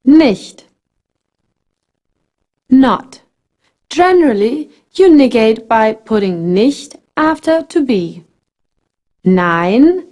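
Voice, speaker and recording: Slow, mellow-voiced woman teaching a language. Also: on the high side. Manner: slow, carefully enunciated model phrases. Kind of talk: scripted language lesson narration.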